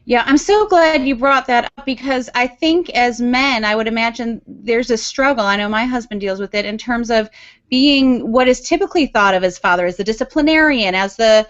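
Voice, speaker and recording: Female interview host, a bit high-pitched, affirming, rambling questions, muffled lo-fi audio. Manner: warm affirming listener, rambling questions with restarts. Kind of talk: conversational interview. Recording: dull lo-fi audio.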